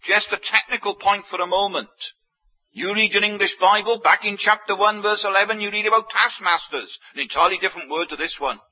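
A man preaching a sermon, emphatic, with big swings in pitch and loudness. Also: brisk. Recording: dull lo-fi sermon recording.

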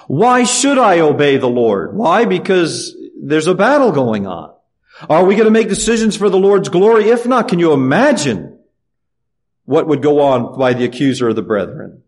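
Middle-aged man, pastor mid-sermon; earnest, questioning delivery, voice a bit on the high side. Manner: earnest preaching with rhetorical questions.

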